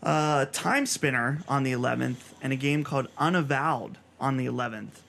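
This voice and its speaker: Male podcast host, gravelly, casual and chatty while reading news items. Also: mid-range voice, fairly bright tone. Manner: reads news items rapid fire, chatty. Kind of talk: casual chat.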